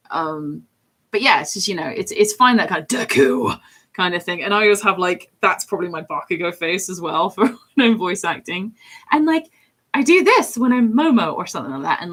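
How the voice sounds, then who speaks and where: A woman's voice: on the low side, a bit bright. A woman chatting in a rambling, casual way from her home office while drawing on a livestream, with lots of fillers. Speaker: streamer and hobby artist.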